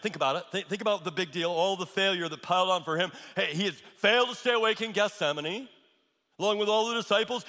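Bright-voiced preacher in a reverberant hall. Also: male voice, high-pitched. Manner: repeats key lines for emphasis. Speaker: pastor. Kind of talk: sermon.

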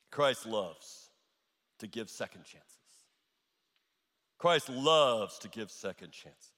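A man's voice: medium pitch, expressive, measured pace, sharp tone, in a large hall. A male pastor preaching a sermon, repeating his key lines for emphasis.

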